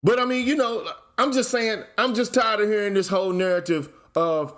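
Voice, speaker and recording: Male channel host with a high-pitched voice, blunt and profane, firing off rhetorical questions in a casual commentary rant. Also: normal speed, hardly any pauses, fairly bright tone.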